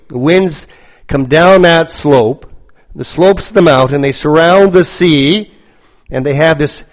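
A man preaching a sermon, telling a story slowly and dramatically, with lots of repetition. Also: on the high side, poor audio.

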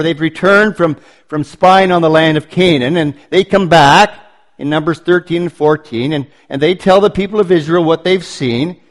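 A man preaching a sermon, building points through emphatic repetition and slowing down on stressed phrases. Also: fairly high pitch.

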